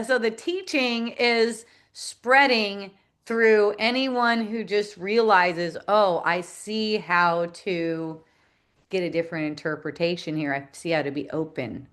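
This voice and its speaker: A woman's voice: fairly low pitch, fairly bright tone. A middle-aged woman teaching in a reflective spiritual talk, laughing often and acting out the voices she quotes.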